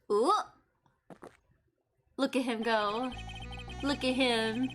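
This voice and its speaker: A woman streamer comments on a game with crude, playful jokes. She talks slowly in a fairly high voice. Game music plays faintly behind her. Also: steady tone, a bit bright.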